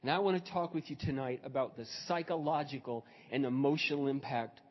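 A male pastor preaching a sermon, moving from quiet storytelling to loud, fervent preaching. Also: medium pitch, brisk. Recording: dull recording in a reverberant hall.

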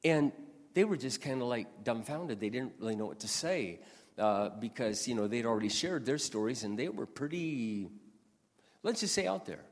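Pastor, man, 60s, earnest emphatic sermon, animated pitch, long hall reverb. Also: normal speed. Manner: earnest, emphatic, repeats lines for stress.

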